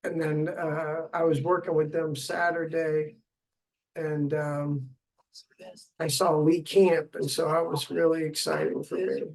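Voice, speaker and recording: Middle-aged dad rambling slow in his video log, lots of ums, gravelly. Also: on the high side, little pitch movement, poor audio. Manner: slow, meandering, many fillers and restarts. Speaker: father recording a video log. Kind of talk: rambling personal video diary.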